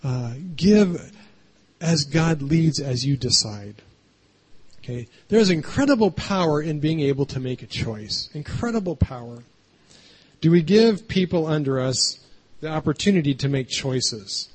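A man's voice: a little high, animated, unhurried, slightly rough. A man preaching a conversational sermon, often checking in with the congregation by asking "right?". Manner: chatty, keeps adding "right?". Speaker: pastor.

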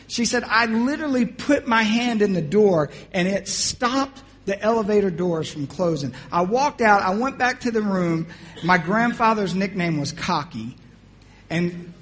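A pastor from the United States telling a personal story in a sermon. He acts out the dialogue and often drops to a hushed voice. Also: high-pitched, animated, moderate pace.

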